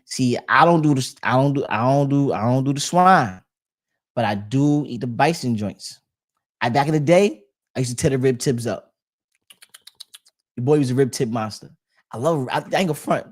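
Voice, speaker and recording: A man hosting a podcast in a loose, slangy casual chat, often restarting his sentences. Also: medium pitch. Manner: loose slangy talk with many restarts and fillers. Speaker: podcast host reading live chat.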